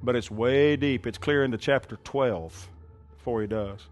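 A male preacher giving an animated sermon, sarcastic and full of pointed rhetorical questions. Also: medium pitch, moderate pace.

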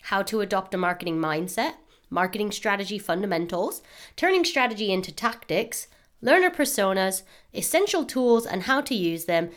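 A woman hosting a podcast, giving an upbeat, eager promotional announcement with animated emphasis. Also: mid-range voice, normal speed. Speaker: podcast host.

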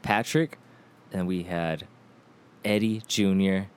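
A man's voice: sits low, fairly even intonation, slow pace, a little hiss or hum. A young man casually telling a long, rambling story on a podcast, often laughing as he goes. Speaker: podcast co-host.

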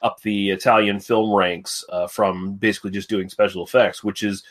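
A man hosting a casual film podcast, relaxed and self-deprecating, often laughing. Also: lowish voice, normal speed. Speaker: podcast host. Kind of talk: casual chat.

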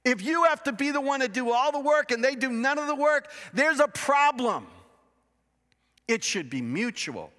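A man's voice: extremely high pitch, animated, moderate pace, pushed and bright. A man preaching a sermon as pastor, telling the story emphatically with many restarts. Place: church sanctuary. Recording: reverberant church hall.

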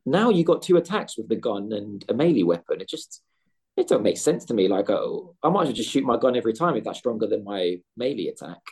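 A man co-hosting a gaming podcast, talking in animated casual chat with lots of swearing and restarts. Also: on the low side, brisk, breathy edge. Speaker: podcast co-host.

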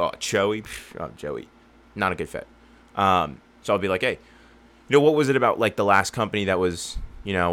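A man's voice: low voice, fairly bright tone. A young man in casual talk, giving sales advice and acting out both sides of customer calls in a loose, rambling way. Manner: rambling, acts out customer dialogue. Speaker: lawn care business owner and coach.

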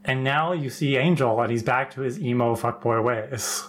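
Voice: medium pitch, moderate pace. Podcast co-host, casual chat, wry, offhand.

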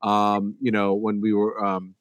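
A man's voice: on the low side, completely flat delivery, unhurried. A man guest on a podcast, laid-back and chuckling, often trailing off at the end of a thought. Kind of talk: casual podcast discussion.

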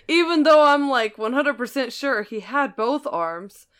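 A woman's voice: high voice, lively intonation, takes it slowly, a bit bright, clean tone. A woman in her thirties, co-hosting a casual storytelling chat, who often laughs as she tells her own stories. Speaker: storyteller and co-host.

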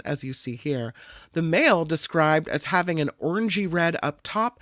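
A man with a notably high voice co-hosts a casual news chat, reading stories out with playful asides. The sound is dry and close, with no room around it. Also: fairly bright tone, dry recording. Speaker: co-host.

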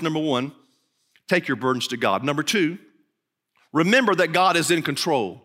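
Emphatic high-voiced male preacher, reverberant hall. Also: sharp tone. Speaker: pastor. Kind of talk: sermon.

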